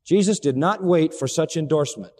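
A man preaching a sermon, swinging dramatically between loud, raised passages and hushed, low ones. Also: a little fast. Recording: long reverb of a large hall.

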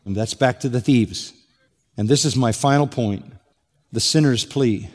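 A man's voice: medium pitch, unhurried, in a large hall. A man preaching an expository sermon, emphatic and building to exclamation on key points. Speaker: pastor.

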